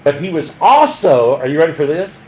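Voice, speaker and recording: A man's voice: fairly high pitch, fairly quick, highs cut off. Jokey man lecturing a class. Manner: jokey, animated, quizzes the class. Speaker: teacher.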